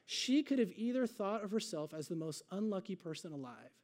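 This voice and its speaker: A male pastor delivers a sermon in a high-pitched, mellow voice. He talks to the congregation in a loose, conversational way, then stretches out his readings of scripture with slow, dramatic emphasis. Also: very animated. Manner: conversational asides.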